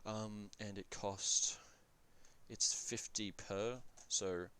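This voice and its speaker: A man's voice: fairly low pitch, fairly even intonation, very slow, pushed and bright, smooth. A man giving casual commentary on a strategy game, thinking aloud and often correcting himself mid-sentence with fillers. He talks in an offhand, blunt way and swears now and then.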